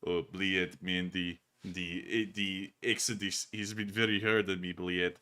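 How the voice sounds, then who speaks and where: A man's voice: deep voice, flat delivery, a little slow, bright, forceful tone, pitched below the performer's own voice. A man putting on a gloomy, self-pitying exiled Russian man with a mock Russian accent, muttering. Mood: mopey.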